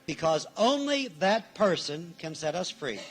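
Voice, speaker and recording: A man's voice: a little high, sing-song, unhurried, a bit bright. A male minister delivering a sermon in a church, emphatic, repeating his key phrases and acting out the people he quotes.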